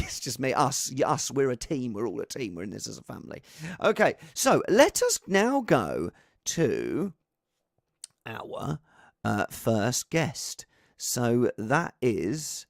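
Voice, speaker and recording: A man's voice: a little high, vocal fry, no room sound, clean studio sound. A man hosting a casual live stream, rambling along and joking at his own expense. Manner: rambling, self-deprecating. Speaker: host.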